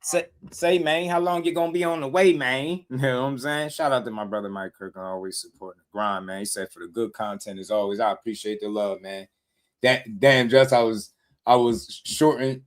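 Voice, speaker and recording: A man hosts a live boxing stream in easy, slangy talk, with a voice that sits at an everyday middle pitch. He keeps breaking off to shout out viewers by name in casual chat. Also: normal speed. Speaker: livestream host.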